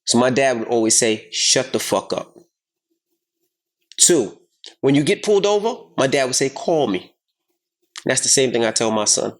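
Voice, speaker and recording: A man in his thirties co-hosting a casual podcast, telling a story with lots of swearing and loudly acting out the voices of the people in it. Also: mid-range voice, brisk. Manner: animated, profane, acts out quotes loudly. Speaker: podcast co-host.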